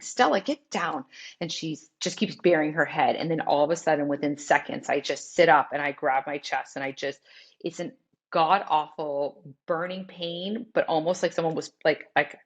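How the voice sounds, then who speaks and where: A woman in her forties who works as a fitness trainer is a guest in an interview, telling a personal story in a candid, rambling way and often quoting herself. Her voice sits low.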